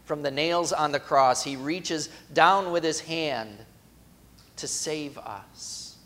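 A man preaching a sermon in a fairly high voice. He moves from loud, emphatic cries to quiet, hushed passages. He slips into chatty made-up quotes along the way. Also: slow pace, in a large hall. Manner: acts out imagined quotes in conversational voices. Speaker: pastor.

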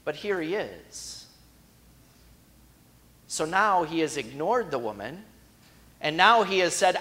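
A man's voice: on the high side, big pitch swings, slow, pauses often, pushed and bright. A man preaching a sermon in a conversational storytelling way that builds to emphatic moments.

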